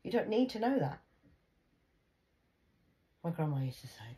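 A woman's voice: fairly low pitch, sing-song, measured pace, long pauses, mellow. A woman rambling casually about family memories, chatty and jokey, with frequent swearing. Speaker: vlogger. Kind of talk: rambling personal monologue.

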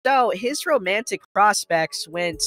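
A man's voice: sits high, lively intonation, slow pace, bright, forceful tone. A man narrating a first-person anecdote with a wry, comically exaggerated delivery. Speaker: storyteller.

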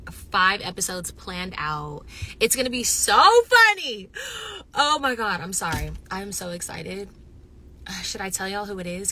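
A woman chatting casually with viewers on a phone livestream, animated and loud, swinging between excited bursts and near-whispers. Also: fairly low pitch, a little hiss or hum. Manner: says she is loud. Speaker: reality TV personality going live.

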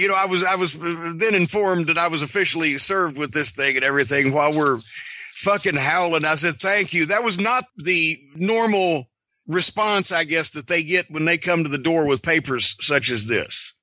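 A middle-aged man hosting a podcast, telling a story in an animated, profane, sarcastic way. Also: fairly high pitch, normal speed, no echo. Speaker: podcast host.

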